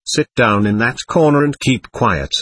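A man's voice: medium pitch, animated, normal speed, a bit bright, no room sound, studio quality. A man reading the part of a proud, fiery young woman in an audiobook, speaking with passion that swings between scorn and confession. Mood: impassioned.

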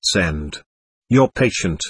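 A man's voice: deep voice, expressive, takes it slowly, breathy edge, no room sound, studio quality, pitched below the performer's own voice, exaggerated voice. A man doing a curt, pompous doctor. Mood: stern. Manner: curt, emphatic, offhand. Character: stern, impatient, pompous male society doctor. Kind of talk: audiobook character voice.

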